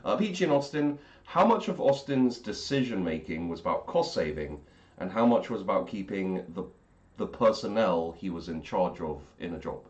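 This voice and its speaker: A man's voice: low-pitched, animated, moderate pace, a little mellow, lo-fi sound. A man who ran the game, chatting casually in an aftershow with lots of fillers and restarts. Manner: rambling, with many fillers and restarts. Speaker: game master.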